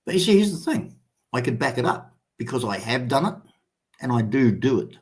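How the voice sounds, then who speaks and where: A man's voice: medium pitch, sing-song, normal speed. An Australian man in his sixties hosting a live stream in casual chat. He rambles, swears freely and fills with lots of ums. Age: 60s. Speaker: livestream host.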